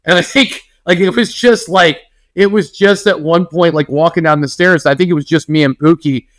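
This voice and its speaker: A man co-hosting a podcast, telling a story in a rambling, lively way with many restarts. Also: on the high side, normal speed. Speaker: podcast co-host. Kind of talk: casual storytelling chat.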